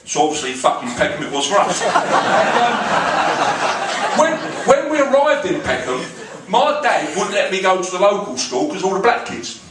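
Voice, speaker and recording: A South London man in his forties doing crude, self-deprecating stand-up in a dry, deadpan way. His voice sits fairly high and booms around a reverberant comedy club. The mic catches him from a distance, with clatter and noise in the room. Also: normal speed.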